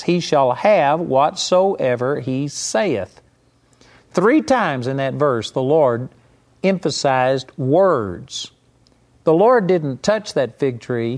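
A man preaching a sermon, emphatic, slowing down to stress each scripture quote. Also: medium pitch, darkish tone.

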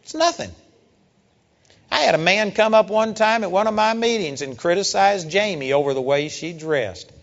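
A man preaching a sermon, emphatic, building up to loud rhetorical questions. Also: high voice, moderate pace. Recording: dull lo-fi sound with long hall reverb.

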